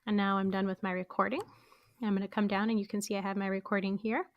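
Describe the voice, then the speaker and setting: A woman's voice: medium pitch, little pitch movement, quick pace, dry recording, dull audio. A woman explaining podcast editing in a casual screen-recorded tutorial, walking through each step with friendly fillers. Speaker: teacher showing podcast editing.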